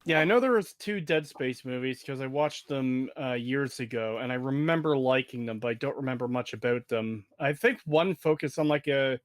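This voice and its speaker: A man's voice: mid-range voice, normal speed, hardly any pauses, no echo, clean studio sound. A man co-hosting a stream, talking casually and hesitantly with many fillers. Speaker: co-host reading donations. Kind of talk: casual chat.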